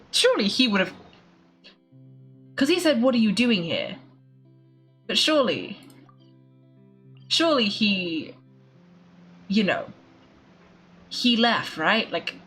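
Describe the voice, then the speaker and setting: A woman chats her way through a story-heavy game, reading lines aloud and laughing at small moments. Her pitch swings freely and stays animated. Soft game music sits faintly under her voice. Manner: chatty, giggly, reads game dialogue aloud. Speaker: gameplay streamer. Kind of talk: casual let's play commentary.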